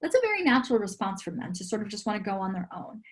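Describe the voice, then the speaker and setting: A woman's voice: mid-range voice, sing-song, racing. A woman in her thirties, a relationship coach as a podcast guest, talking in a chatty, earnest way with lots of "like". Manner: chatty, earnest, peppers speech with "like". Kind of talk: casual podcast interview.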